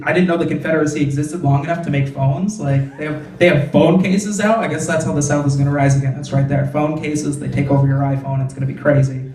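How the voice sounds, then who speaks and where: A young man tells stand-up jokes in a loose, chatty way, dropping in lots of "like" before each punchline. His voice sits a bit high. It echoes around the club and sounds a little distant from the mic. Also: darkish tone. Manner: conversational, frequent "like" fillers, punchy punchlines. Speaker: stand-up comedian. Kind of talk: stand-up comedy set. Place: comedy club stage.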